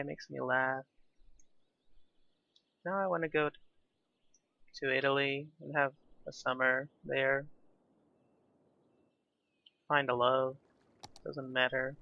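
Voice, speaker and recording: A man's voice: mid-range voice, vocal fry, pushed and bright, muffled recording. A young man chatting casually over his own city-building gameplay, rambling and self-deprecating as he goes. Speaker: gaming YouTuber.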